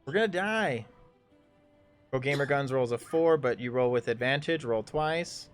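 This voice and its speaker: A man's voice: medium pitch, moderate pace, clean tone, faint music behind. A man narrating a tabletop game as game master, talking casually with many fillers and swearing.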